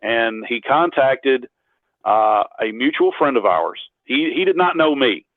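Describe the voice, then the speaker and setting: A man's voice: mid-range voice, animated, measured pace, dry recording. A man tells a long story as a guest, rambling and poking fun at himself as he goes. He comes through a thin, phone-like line. The sound is dry and close, with no room around it. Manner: rambling, self-deprecating, with frequent restarts. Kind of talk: casual storytelling in an interview. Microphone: phone on a call.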